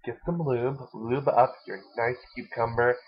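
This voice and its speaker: A man's voice: mid-range voice, steady tone, unhurried. A young man hosting a casual podcast, rambling and giggling as he talks crudely. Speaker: podcast host. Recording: lo-fi dull recording.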